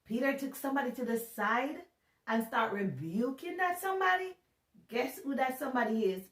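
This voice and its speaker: A woman giving a casual, animated Bible talk, chatty and joking at her own expense. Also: high-pitched, normal speed. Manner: chatty and animated, laughs at herself. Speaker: Bible teacher. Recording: roomy sound from a distance.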